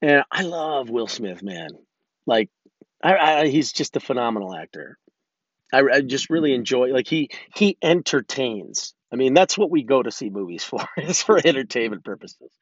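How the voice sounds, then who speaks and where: A man talking alone into a close podcast mic, rambling and candid, his sentences full of swearing and restarts. His voice sits at an ordinary pitch. The recording is dry and a little dull. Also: animated, normal speed, no room sound. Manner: candid, self-reflective. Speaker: podcast host. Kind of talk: casual solo podcast monologue.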